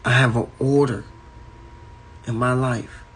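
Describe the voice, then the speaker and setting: A man preaches into his phone on a livestream, stacking phrase after phrase in a steady, insistent rhythm. His voice sits at an ordinary middle pitch, and there is a faint hum of room ambience behind him at home. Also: slow, rough recording. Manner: emphatic, repetitive preaching cadence. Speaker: spiritual teacher. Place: at home indoors.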